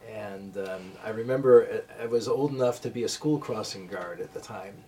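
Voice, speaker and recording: A man's voice: lowish voice, normal speed, a little mellow. An older man telling a fond childhood memory in a group discussion, hesitant with many fillers and restarts. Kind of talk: casual personal storytelling. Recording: distant mic, faint room noise.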